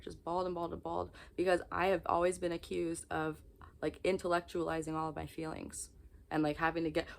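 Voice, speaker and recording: A woman's voice: lowish voice, vocal fry. A young woman talking to camera in a confessional vlog, exhausted, candid and rambling. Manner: candid, rambling, emotionally raw. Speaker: vlogger.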